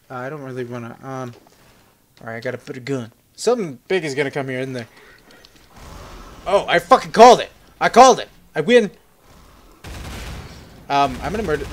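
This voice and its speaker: A young man giving casual, profane gameplay commentary, joking and laughing as he plays. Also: fairly bright tone. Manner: jokey and profane, laughing often, yelping in high squeaks when startled. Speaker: let's play gamer.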